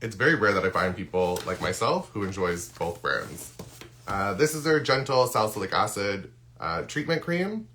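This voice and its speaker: A man's voice: on the low side, expressive, moderate pace, sharp tone, a little hiss or hum. A man who is losing his voice, chatting casually through a live unboxing with lots of ums and restarts. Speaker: skincare content creator. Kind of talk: live-stream unboxing chat.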